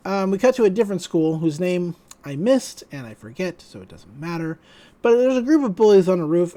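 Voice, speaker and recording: A podcast co-host in casual chat, retelling an episode in an animated way and acting out the quoted lines. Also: mid-range voice. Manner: loose, with frequent "like" and restarts.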